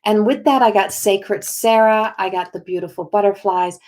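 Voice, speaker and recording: A woman's voice: medium pitch, moderate pace, a little mellow. A woman giving a spontaneous oracle card reading as a psychic medium, rambling with lots of "like" and restarts as she relays what a spirit tells her.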